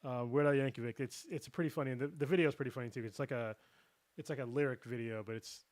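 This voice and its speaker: A man's voice: mid-range voice, fast talker, no echo. A man chatting casually on a livestream, laid-back and swearing casually. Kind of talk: casual chat.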